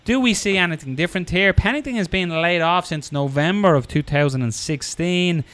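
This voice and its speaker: Man, podcast host, casual sports chat, smooth clear voice, slightly high. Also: a little fast, fairly bright tone.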